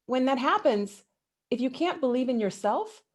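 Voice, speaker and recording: A middle-aged woman, an executive guest, giving motivational advice in an interview with emphatic, animated delivery. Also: normal speed. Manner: emphatic and animated, with big swings in pitch.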